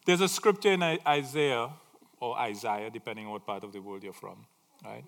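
A man preaching a sermon, swinging from loud emphatic phrases to quiet asides. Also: fairly low pitch, big pitch swings, quick pace, gravelly, big-room sound.

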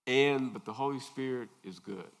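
A man preaching a sermon, unhurried, pausing often and asking his listeners questions. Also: mid-range voice, vocal fry, a little hiss or hum. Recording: long reverb in a large hall.

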